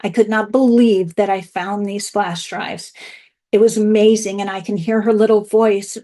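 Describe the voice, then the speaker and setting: A woman's voice: medium pitch, flat delivery, measured pace, dark tone. A woman speaking candidly and emotionally over a video call, telling her own story as a speaker at an online event. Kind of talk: personal testimony.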